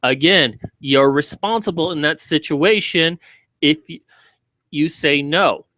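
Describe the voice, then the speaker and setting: Man, ranting commentary, sarcastic and swearing, sharp bright voice, dry close sound. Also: a little high, takes it slowly, no room sound. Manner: heated, sarcastic, heavy swearing. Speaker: commentary video host.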